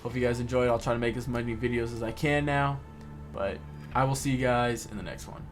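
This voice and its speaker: A man's voice: medium pitch, steady tone, fairly quick, music in the background. Emotional young man rambling casually. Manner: rambling, heavy on "like" and "or whatever". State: emotional, voice wavering. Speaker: gaming vlogger. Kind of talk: casual personal talk over gameplay.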